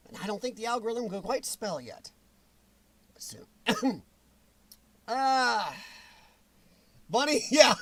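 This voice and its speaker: High-voiced man ranting on a livestream. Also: animated, slow, long pauses, fairly bright tone, slight background noise. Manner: angry, profane, sarcastic ranting. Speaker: livestream host.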